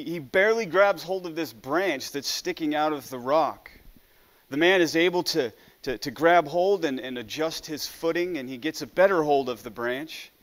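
A man's voice: a little high, a bit bright. A man preaching a sermon in an earnest way, often stumbling over the first word of a phrase. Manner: earnest, with frequent stammered restarts.

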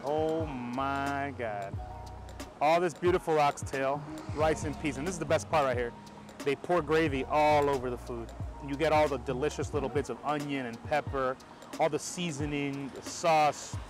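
A man from New York with a New York American accent, talking excitedly to camera in a casual vlog on a city street, swearing now and then. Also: a little high, moderate pace, over music. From New York, USA. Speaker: film photography vlogger.

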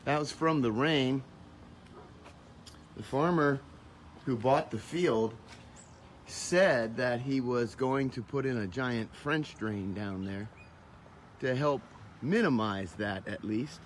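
A man with a medium-pitched voice speaks slowly and pauses often, with slight background noise in the clip. He is a pastor from small-town Pennsylvania, USA, doing a casual vlog, walking and talking into a handheld camera first outside on the church grounds, then inside a sanctuary. His humor is self-mocking.

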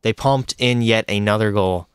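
A young man streaming a hockey video game, giving excitable, frustrated play-by-play and talking to his chat. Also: on the low side, moderate pace, smooth, no room sound, clean studio sound. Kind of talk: live gameplay commentary.

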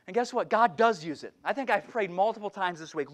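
A middle-aged man preaching an impassioned revival sermon in a church, swinging from shouts down to hushed, repeated phrases. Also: high-pitched, lively intonation, brisk, hardly any pauses. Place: church sanctuary.

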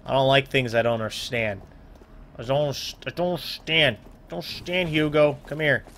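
A man's voice: medium pitch, steady tone, a little slow, fairly bright tone, a little hiss or hum. A young man casually commenting on his own gameplay, rambling, joking at himself and trailing off into mumbles. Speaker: let's play host.

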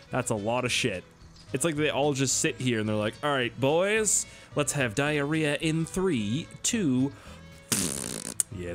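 A young Canadian man with a Canadian accent, giving jokey, profane, rambling gameplay commentary. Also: mid-range voice. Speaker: YouTuber. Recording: faint background game music.

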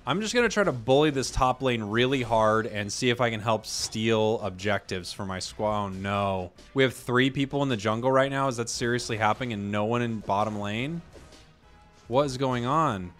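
A man hosting a gaming video, chatting casually about his matches and bursting into loud excitement at big plays. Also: medium pitch, moderate pace, faint music behind. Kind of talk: casual gameplay commentary.

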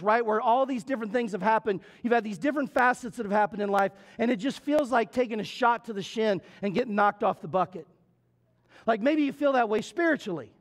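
A middle-aged male pastor preaching a sermon in a church, telling a story in a folksy, playful way and building into repetitive preaching. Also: sits high. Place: church sanctuary.

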